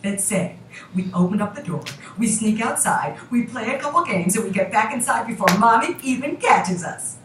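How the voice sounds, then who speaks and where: A woman's voice: on the high side, animated, normal speed, a bit bright, roomy sound, recorded from a distance, slight background noise. A woman voicing an eager young boy mouse who is plotting mischief, in a story told aloud. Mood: scheming.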